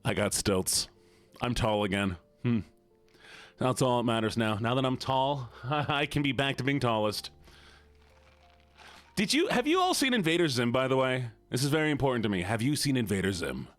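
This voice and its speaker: A man's voice: normal speed, no echo, soft background music. A man live-streaming in a playful, teasing way, chatting with his viewers. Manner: playful, teasing, squeals high when mock-upset. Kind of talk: casual live-stream chat.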